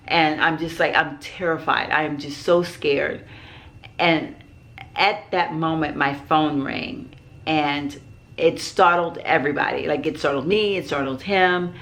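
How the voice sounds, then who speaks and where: A woman's voice: low voice, fairly even intonation, normal speed. A middle-aged woman vlogger telling a personal story in a rambling way, with many fillers and restarts.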